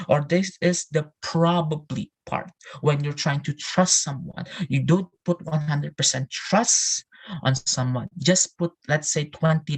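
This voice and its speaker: A man's voice: fairly high pitch, gravelly. A man presenting in a live English class, talking earnestly to his listeners and repeating phrases as he restarts his sentences. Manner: addresses listeners directly with "you know" and "right". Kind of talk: motivational talk.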